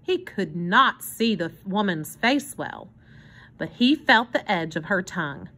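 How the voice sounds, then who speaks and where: A woman reading a children's book aloud in an expressive storytelling manner. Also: medium pitch, a little slow. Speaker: narrator.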